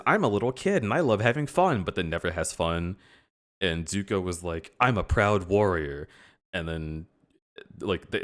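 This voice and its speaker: A man's voice: low-pitched, fairly bright tone. A man hosting a livestream, casually retelling scenes and acting out the characters he quotes. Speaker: livestream host. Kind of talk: casual chat.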